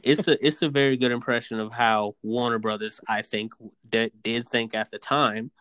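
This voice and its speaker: A man co-hosting a podcast, making his points in an animated, emphatic way and often repeating his opening words. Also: medium pitch, moderate pace, no room sound. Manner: animated, emphatic, repeats himself when starting. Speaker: podcast co-host. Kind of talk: casual debate chat.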